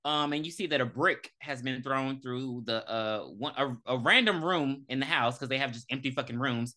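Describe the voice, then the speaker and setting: A woman co-hosting a casual movie review podcast, retelling scenes with animated energy and frequent swearing. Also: extremely low pitch, normal speed. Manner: animated retelling, acts out characters, profane. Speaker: podcast co-host.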